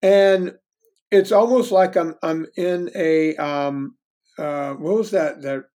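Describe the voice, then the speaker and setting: A man's voice: a little high, slow pace, a little mellow. A man in his fifties, a guest telling stories in casual conversation, candid and self-deprecating, often restarting his sentences. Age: 50s.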